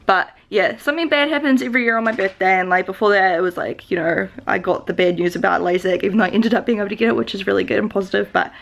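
A woman's voice: medium pitch, fairly even intonation, quick pace, gravelly, few pauses, a bit bright. A young New Zealand woman with a New Zealand accent, rambling to the camera in a confessional vlog, upset and holding back tears, with many likes and restarts. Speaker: vlogger.

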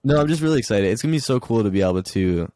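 A man's voice: mid-range voice, expressive, rapid-fire, dark tone, dry recording. A young man talking casually as a podcast guest from his childhood bedroom, laid-back and filling his speech with "like". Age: young adult.

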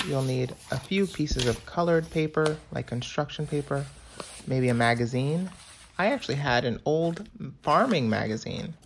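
A slightly raspy man giving a casual, playful craft tutorial. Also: a little high, slight background noise. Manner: chatty and playful.

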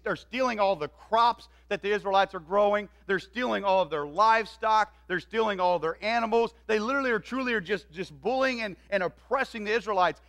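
Pastor, male, high and bright voice, animated sermon storytelling. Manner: animated, acts out quoted voices. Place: church.

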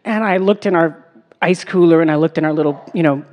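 A woman activist telling a personal road-trip story on a music festival stage, animated, full of fillers and easy laughter. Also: deep voice, fairly quick. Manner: animated, many fillers and likes, breaks into laughs. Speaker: activist speaker. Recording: long reverb of a big space.

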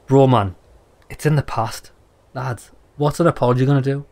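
A man's voice: medium pitch, steady tone, moderate pace, a little mellow. A young man doing let's play commentary, blunt and sweary, reading game text aloud and reacting. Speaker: gaming YouTuber.

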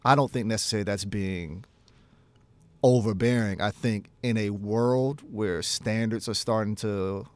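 A man's voice: on the low side, unhurried, dry recording. A man in his thirties, a jazz pianist and teacher, telling stories in a casual radio studio interview and acting out his own past conversations.

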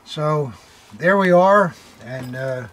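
A man's voice: a little high, animated, slow pace, fairly bright tone. Older man marveling over militaria. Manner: hesitant, full of fillers and awed exclamations. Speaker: militaria dealer hosting unboxings. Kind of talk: casual unboxing chat.

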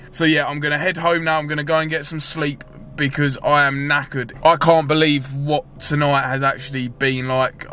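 A young man speaks in a high voice, filming a skit outdoors at night. Faint background noise sits behind him. He moves between loud pleading commands and a calm talk to the camera. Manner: shouting pleas and commands, then calm to-camera wrap-up. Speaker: vlogger. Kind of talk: acted skit vlog.

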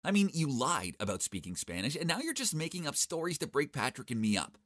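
A man voicing a sharp-tongued teenage girl who speaks in an accusing, indignant way. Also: fairly high pitch, sing-song, brisk, no room sound, clean studio sound, pitched above the performer's own voice. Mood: scornful. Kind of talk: animated story voice acting.

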